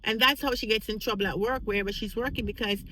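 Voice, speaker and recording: A woman's voice: medium pitch, fast talker, a little hiss or hum, low-quality recording. A woman vlogger telling a casual work story, acting out the voices of the people in it. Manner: animated, acts out quoted voices.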